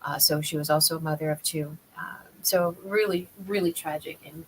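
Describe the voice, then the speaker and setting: A woman hosting a morning radio show, brisk and cheerful as she takes calls. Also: low voice, fairly even intonation, a little hiss or hum. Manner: brisk and cheerful, quick call answering. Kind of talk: upbeat radio banter. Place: radio studio.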